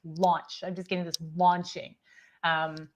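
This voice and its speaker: A woman's voice: fairly low pitch, flat delivery, unhurried, muffled recording. A woman giving a psychic reading on a livestream, describing the energy she feels in her body, often restarting and repeating her phrases. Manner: feels energy in the body and talks about it with many restarts and repetitions. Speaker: psychic reader and co-host. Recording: clear background noise.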